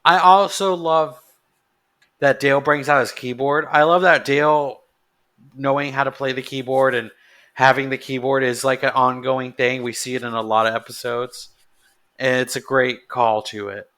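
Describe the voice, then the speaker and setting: A man's voice: medium pitch, steady tone, moderate pace, a bit bright. A man co-hosting a podcast, chatting casually and enthusiastically about the parts of an episode he loves. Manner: enthusiastic, repeats that he loves things. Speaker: podcast co-host. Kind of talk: casual chat.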